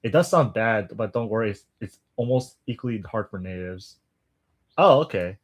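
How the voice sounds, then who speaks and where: A man's voice: on the low side, animated, moderate pace. A young man, native English speaker, on a casual live stream, laughing and stumbling as he tries tongue twisters. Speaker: language-learning streamer.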